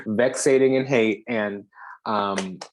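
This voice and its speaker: With a bit of background noise behind it, a spiritual channel host's medium-pitched voice carries a heated, profane reading. It alternates between loud pronouncements and whispered-sounding asides, with pauses held for drama.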